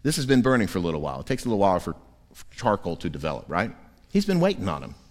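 A man preaching a sermon as pastor in a church, lively and humorous, acting out quoted voices. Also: low-pitched, rapid-fire, in a large hall. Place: church sanctuary.

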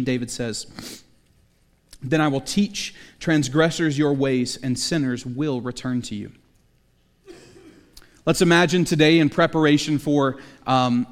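A man's voice: mid-range voice, in a large hall. A man preaching a sermon in a conversational way, with jokey asides. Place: church sanctuary.

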